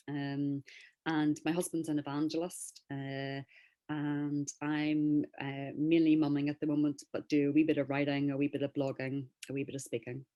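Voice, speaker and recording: Northern irish woman on a video call, low voice, chatty, lots of ums, dry humor. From Northern Ireland. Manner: chatty, warm-humored, frequent fillers. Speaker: interview guest. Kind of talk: casual interview talk.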